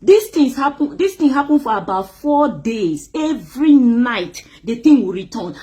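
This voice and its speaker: A woman's voice: a little high, animated, moderate pace, few pauses, darkish tone. A woman from Nigeria, telling her personal story with drama and acting out the voices of others. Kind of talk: emotional personal testimony.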